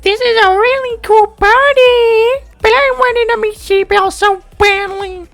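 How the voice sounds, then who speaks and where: A man voicing a small, eager child guest at a party, speaking in a slow, childlike way. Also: extremely high pitch, steady tone, creaky, a bit bright, soft background music, pitched above the performer's own voice, exaggerated voice. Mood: wistful.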